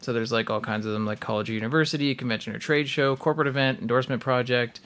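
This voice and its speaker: A man's voice: medium pitch, steady tone, racing, fairly bright tone. A man from Canada co-hosting a podcast in casual chat, rambling with fillers and laughing often. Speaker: podcast co-host.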